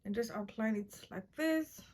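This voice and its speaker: A woman's voice: fairly high pitch, normal speed. Chatty young woman vlogger, upbeat and playful. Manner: chatty and playful, bursts into excited exclamations. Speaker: beauty vlogger. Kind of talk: casual makeup tutorial.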